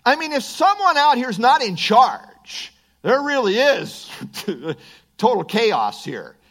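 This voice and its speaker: A man's voice: very high-pitched, huge pitch swings, slow pace, a bit bright. A man teaching through a Bible passage verse by verse, emphatic and chatty, with frequent asides and chuckles.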